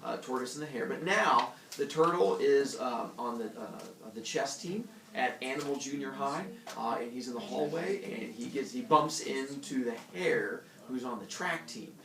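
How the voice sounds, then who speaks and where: A man's voice: mid-range voice, moderate pace, vocal fry, few pauses, recorded from a distance, crowd noise. Jokey male teacher in echoey classroom. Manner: jokey, acts out animal characters in funny voices. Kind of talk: classroom lecture with playful storytelling.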